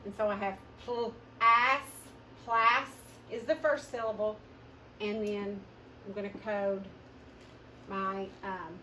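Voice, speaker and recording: A woman's voice: fairly high pitch, fairly bright tone. A woman teaching a phonics lesson and carefully sounding out words for her students. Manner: slow, drawn-out modeling of sounds, addresses students as guys. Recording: echoey room, mic at a distance, noisy with hum.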